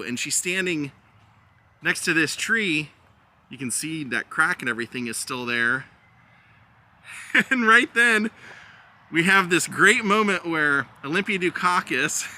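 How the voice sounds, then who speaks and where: A man's voice: on the high side, animated, measured pace, pushed and bright. A man giving a casual tour of film locations outdoors, chatting and laughing as he retells scenes. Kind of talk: casual vlog narration.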